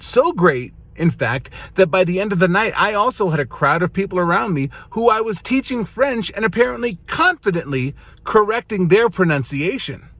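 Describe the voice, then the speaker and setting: Man in his thirties, husky voice, comic storyteller, lively punchline delivery. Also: sits high. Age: 30s. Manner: animated, building to excited punchlines.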